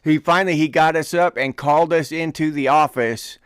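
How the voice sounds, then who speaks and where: Smooth-voiced middle-aged man telling a story. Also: fairly high pitch, normal speed, dry recording, clean studio sound. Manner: animated, laughs often, acts out shouted quotes. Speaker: podcast host. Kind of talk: casual storytelling.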